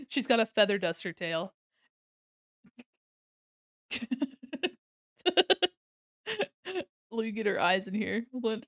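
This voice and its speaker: A woman's voice: mid-range voice, expressive, extremely slow, pauses often, no room sound, clean studio sound. A woman streamer chatting casually while she draws, giggly and gushing, breaking into laughter often. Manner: gushing and affectionate. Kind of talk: casual livestream chat while drawing.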